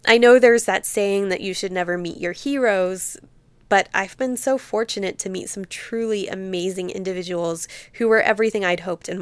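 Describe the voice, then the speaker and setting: A woman teacher reading aloud from a memoir excerpt in a measured, expressive storytelling manner. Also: medium pitch, clean tone, dry recording.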